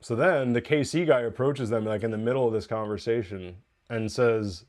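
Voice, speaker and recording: A man's voice: fairly low pitch, moderate pace, darkish tone. A man hosting a TV review podcast, recapping an episode in a chatty, rambling way, correcting himself and laughing often. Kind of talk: casual spoken episode recap.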